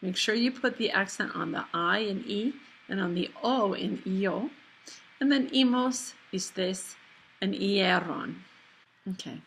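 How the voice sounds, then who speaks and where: A woman teaching a recorded lesson over slides, explaining patiently and slowing down for examples. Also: medium pitch, creaky, a bit bright, a little hiss or hum. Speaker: Spanish teacher.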